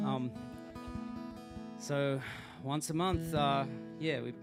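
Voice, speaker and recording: A man's voice: mid-range voice, steady tone, extremely slow, over loud music. A man, a singer-songwriter, telling a rambling, self-deprecating story between songs at a live gig. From Australia.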